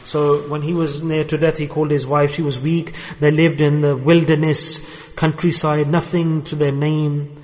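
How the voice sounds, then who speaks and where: A man's voice: on the high side, flat delivery, normal speed, darkish tone. A man preaching a sermon to a gathering in a hall. He retells a story with emphasis and asks his listeners rhetorical questions. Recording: long reverberant hall.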